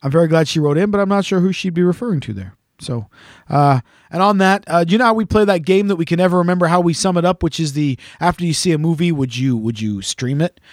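A man's voice: fairly high pitch, fast, no room sound, studio quality. A man co-hosting a podcast, reading listener messages aloud in a teasing, rambling way with lots of fillers. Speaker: podcast co-host.

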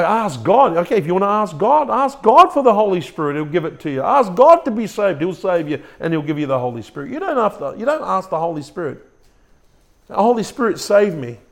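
Gravelly, preaching male pastor. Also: high-pitched, big pitch swings, a little fast, fairly bright tone. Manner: repeats words and restarts, asks the congregation questions. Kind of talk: sermon. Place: church room with a congregation.

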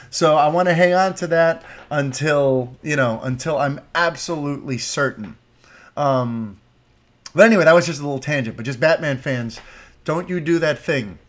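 A young man hosting a solo podcast, talking passionately and rambling through tangents and listener questions. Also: fairly high pitch. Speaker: podcast host.

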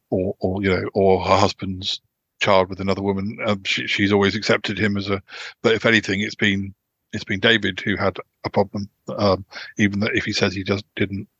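A man's voice: on the low side, a bit bright, breathy edge, dull audio. A British man hosting a podcast, chatting casually about old TV dramas and piecing his thoughts together as he goes. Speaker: podcast host.

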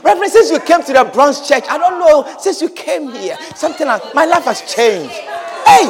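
A man's voice: very high voice, expressive, normal speed, a faint crowd. A man pastor preaching a sermon in a church, emphatic and repetitive, calling out to his congregation.

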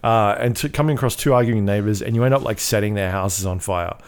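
Male podcast co-host, slightly low voice, loose and rambling delivery packed with "like" and "um", casual cursing. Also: fast talker. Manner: rambling, filler-heavy, swears freely. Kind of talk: casual chat about video games.

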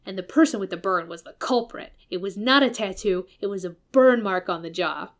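A woman's voice: medium pitch, brisk. A woman hosting a podcast, animatedly recapping a story and quoting the characters as she goes. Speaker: podcast host. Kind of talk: casual recap with quoted voices.

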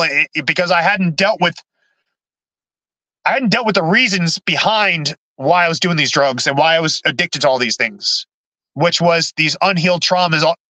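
A man, a podcast guest, telling his own story candidly in halting speech full of restarts and repeated words. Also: a little high, bright, forceful tone, no echo, poor audio.

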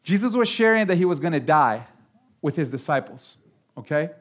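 Animated high-voiced male pastor. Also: moderate pace. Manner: animated, jumps high for emphasis. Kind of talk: sermon.

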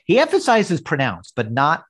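A man's voice: on the high side, wildly swooping pitch, normal speed, a bit bright, slightly rough. A man co-hosting a podcast in casual chat, musing and nitpicky. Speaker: podcast co-host.

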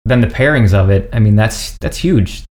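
Very deep-voiced woman host. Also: expressive, moderate pace, darkish tone. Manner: supportive, affirming listener. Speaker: podcast host. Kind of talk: casual interview chat.

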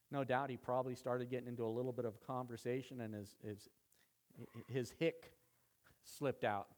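Male pastor, mid-pitched, relaxed conversational preaching that rises for emphasis. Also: fairly quick. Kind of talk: sermon.

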